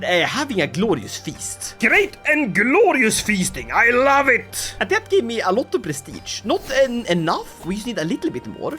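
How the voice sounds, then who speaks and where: A video creator giving comedic, joke-filled commentary over a strategy game. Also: mid-range voice. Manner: jokey, animated, playful asides.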